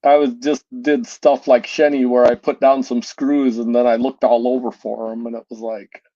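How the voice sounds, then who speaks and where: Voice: mid-range voice, level tone, normal speed, dark tone, dry recording. A speaker in casual chat who jokes about being disorganized and laughs at herself. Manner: self-deprecating, laughs at herself. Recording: dull lo-fi sound.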